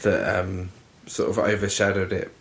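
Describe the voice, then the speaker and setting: A man's voice: low voice, little pitch movement, normal speed, vocal fry, a bit bright. A man co-hosting a podcast, reacting with enthusiasm and laughing easily in casual chat. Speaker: podcast co-host.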